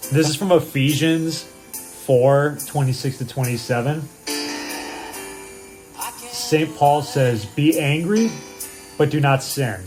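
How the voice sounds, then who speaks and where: Joking priest co-hosting a podcast. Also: male voice, fairly high pitch. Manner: joking, teasing, interrupts with quick asides. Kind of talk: casual chat. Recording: faint music playing behind.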